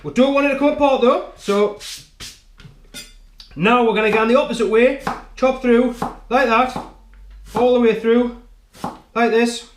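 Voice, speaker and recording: A man with a high-set voice hosts his own cooking show from a home kitchen. He keeps it chatty and jokey, checking in with the viewer as he chops. The room is echoey, with a faint hiss behind him. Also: steady tone, unhurried, pauses often. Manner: chatty, jokey, talks straight to the viewer with frequent "right?". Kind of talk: casual cooking demonstration.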